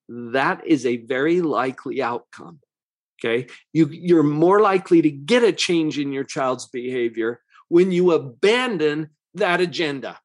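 A man hosting a parenting podcast, explaining calmly and slowing down to stress key words. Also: a little high. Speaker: parenting coach and podcast host. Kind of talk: podcast monologue.

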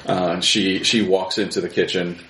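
A man's voice: low voice, little pitch movement, normal speed, a bit bright. A man narrating as game master of a tabletop game, with frequent fillers. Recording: roomy with faint noise.

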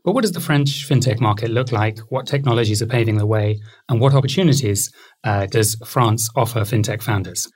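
A man's voice: mid-range voice, fairly quick. A man hosting a podcast, friendly and self-deprecating, with a few fillers. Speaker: podcast host.

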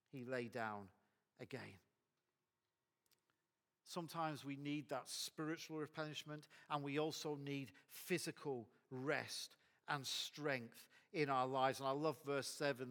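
A man's voice: on the high side, a little slow, fairly bright tone, big-room sound. A man preaching a sermon as pastor, emphatic and repetitive.

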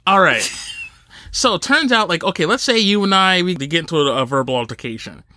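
A high, bright man's voice from New Jersey, swinging widely in pitch as he tells a podcast story. He acts out the people he quotes. The sound is dry and close. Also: expressive, a little fast, no room sound. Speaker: podcast host. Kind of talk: casual podcast chat.

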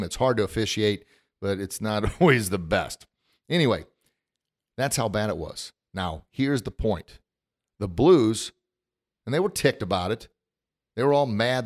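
Animated, emotional middle-aged podcast host. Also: male voice, lowish voice. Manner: emotional, animated, laughs at himself. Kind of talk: motivational podcast monologue. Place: recording studio. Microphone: studio microphone, standing.

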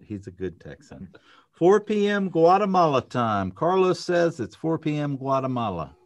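A man co-hosting a live podcast in casual chat, upbeat and quick to laugh. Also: fairly high pitch, sing-song. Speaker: podcast co-host.

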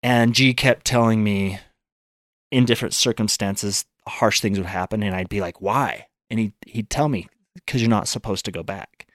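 A man's voice: lowish voice, moderate pace, a bit bright, no room sound, studio quality. A man telling a personal story as a podcast guest, earnest, acting out his own thoughts in quotes.

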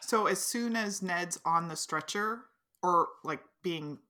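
A woman's voice: on the low side, takes it slowly, sharp tone. A woman co-hosting a podcast, giving wry, amused commentary on a TV episode. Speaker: podcast co-host. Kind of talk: casual chat recapping a TV episode.

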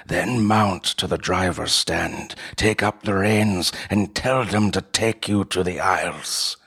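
A man voicing a dying old uncle who speaks low, hushed and grave. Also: takes it slowly, gravelly, husky, exaggerated voice. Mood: solemn.

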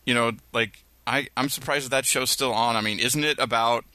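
A man's voice: medium pitch, fairly even intonation, a little fast, pushed and bright, no room sound. A man co-hosting a TV podcast in casual chat, rambling with lots of fillers. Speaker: podcast co-host.

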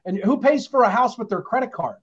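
A man on a real estate panel who argues in an animated, combative way. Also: extremely high pitch, fairly quick, slightly rough, dull audio. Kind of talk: panel debate.

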